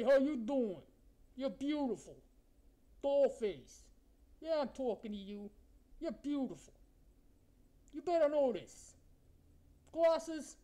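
A performer with a high-pitched, dark-toned voice plays a brash, ugly male monster with razor teeth who eats people. In this comedy improv over video chat, he taunts strangers with crude mock-flirting.

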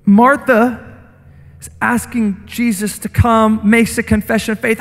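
A man preaching a sermon as a guest speaker in a church, impassioned and repeating phrases, building to shouts. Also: sits high, slow, pauses often. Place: church sanctuary. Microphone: handheld mic. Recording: long church reverb with faint music.

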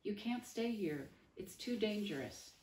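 A woman's voice: mid-range voice, animated, a little slow, a little mellow, far from the mic, voice pushed up, close to an everyday voice. Woman voicing male talking dog, protective, firm, roomy sound. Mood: gentle.

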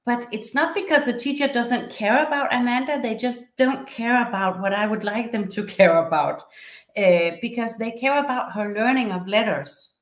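A woman from Denmark with a Danish accent, a university professor giving a measured, explanatory academic lecture. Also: fairly high pitch. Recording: echoey room.

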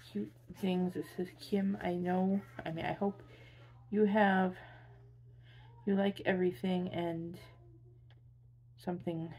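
A tired woman chatting casually while unboxing gifts, gushing with excitable squeals over cute things. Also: fairly low pitch, gravelly, a little hiss or hum. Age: adult with a son. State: tired, drained. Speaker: vlogger.

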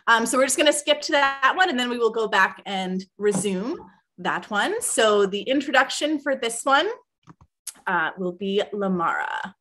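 Host with a bright, high voice; casual, quick to reorganize. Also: female voice, expressive. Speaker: event host. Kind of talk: casual spoken moderation.

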